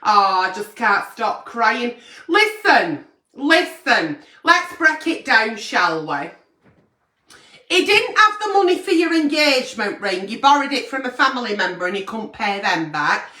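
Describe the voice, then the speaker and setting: A woman's voice: a little high, sing-song, a little slow, sharp tone, far from the mic. A woman hosting a late-night agony aunt show, blunt and brash and swearing constantly as she gives advice. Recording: echoey room, away from mic.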